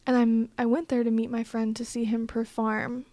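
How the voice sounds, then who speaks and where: A young woman with a fairly high but flat, monotone voice tells a personal story to camera. Her tone is mellow and the sound is dry and close. She talks bluntly, swears freely and peppers her speech with "like". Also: normal speed, dry recording. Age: young adult. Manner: blunt, profane and emphatic, with many filler "like"s. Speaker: vlogger. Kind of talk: casual storytime monologue.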